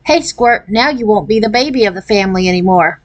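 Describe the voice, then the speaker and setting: A woman's voice: medium pitch, animated, a little fast, lightly acted. A woman voicing a teasing middle-child girl in a storybook reading.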